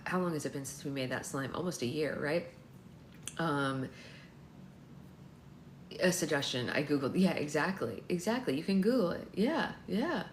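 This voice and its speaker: A low-pitched woman chats casually on a livestream, rambling and full of fillers. Her voice rings in an echoey room with faint noise behind it. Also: animated, normal speed, long pauses. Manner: chatty, rambling, filler-heavy. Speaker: book club host and slime seller. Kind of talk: casual livestream chat and reading aloud.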